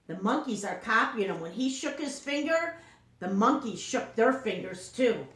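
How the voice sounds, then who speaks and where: A woman teacher reading a picture book aloud to children, slowly, often stopping to ask them questions. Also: a little high, lively intonation, a bit bright, echoey room. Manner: slow, questioning storytime delivery.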